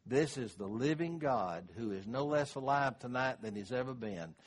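A man's voice: mid-range voice, expressive, moderate pace, husky. An older man, preaching a sermon in a folksy, conversational way. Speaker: pastor.

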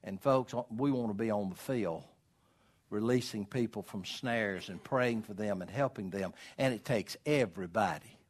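A man preaching a sermon as pastor, swinging from loud calls to quiet storytelling. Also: fairly low pitch, normal speed. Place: church.

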